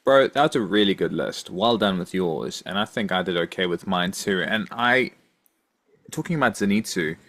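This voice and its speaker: A man hosting a podcast in casual chat, easygoing and filling pauses with ums. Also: deep voice, a bit bright. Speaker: podcast host.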